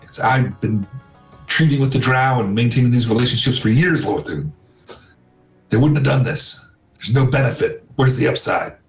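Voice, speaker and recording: Brief: man voicing a nervous human fixer, higher-pitched and frantic, roomy echo. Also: faint music behind, lightly acted. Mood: panicked. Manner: frantic, rushed pleading. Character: panicky male human go-between, pleading.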